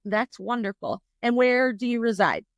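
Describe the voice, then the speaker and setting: A woman hosting a podcast interview, bubbly and talkative with quick asides. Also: a little high, lively intonation, no room sound, clean studio sound. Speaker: podcast host.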